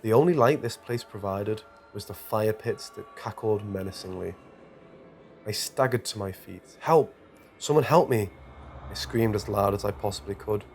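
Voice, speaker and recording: A man's voice: fairly low pitch, fairly even intonation, moderate pace. A man narrating a true scary story with dramatic, tense delivery. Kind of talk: scripted horror narration. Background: quiet music.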